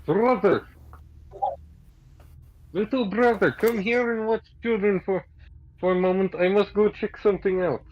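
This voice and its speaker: Man doing a clipped samurai dad, drops articles, fairly high voice, muffled lo-fi sound. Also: unhurried, pauses often. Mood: urgent. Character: blunt male samurai warrior, father of children.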